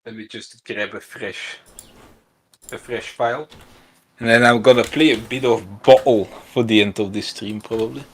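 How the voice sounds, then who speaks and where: A man casually co-hosting a live stream, relaxed and joking in a blunt, offhand way. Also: lowish voice, moderate pace, slight background noise. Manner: laid-back, joking, blunt.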